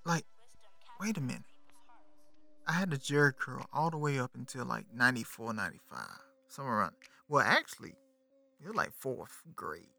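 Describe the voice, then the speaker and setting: Podcast host, man in his 30s, casual slangy movie talk, lively delivery, bright tone. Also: mid-range voice, moderate pace, vocal fry, long pauses, faint music behind. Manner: animated, slangy, talks to the listener. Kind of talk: casual movie review chat.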